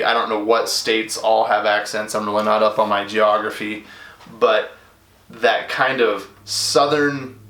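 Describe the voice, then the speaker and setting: A man's voice: lowish voice, pushed and bright, reverberant. A man teaching a recorded music lesson to his students in a casual, chatty way, full of asides and fillers.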